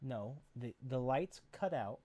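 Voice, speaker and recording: A man's voice: medium pitch, animated, slow, mellow. Rambling man recapping a movie. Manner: rambling, profane, sarcastic retelling. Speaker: podcast co-host. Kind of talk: casual film recap chat.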